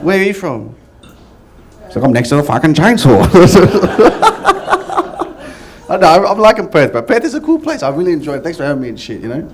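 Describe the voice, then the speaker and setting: A man's voice: high-pitched, big pitch swings, moderate pace, pauses often, a little hiss or hum. A man from Melbourne with an Australian accent, performing a crude, loose stand-up set with crowd work. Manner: crude, crowd-work banter, swears freely. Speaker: stand-up comic.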